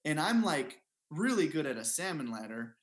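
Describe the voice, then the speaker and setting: A man's voice: on the high side, very animated, moderate pace. A man speaking as an interview guest, telling a personal story in an earnest, casual way with many fillers and restarts. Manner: earnest, repeats himself, lots of fillers. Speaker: guest athlete. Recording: roomy echo.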